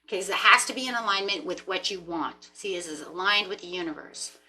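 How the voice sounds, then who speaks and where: Lady tarot reader just chatting away to the camera, bright clear tone, kinda rambly and animated. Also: on the low side, fairly quick, a little hiss or hum. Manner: rambling, animated, talks to herself with laughs and mock voices. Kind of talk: casual spiritual talk to camera.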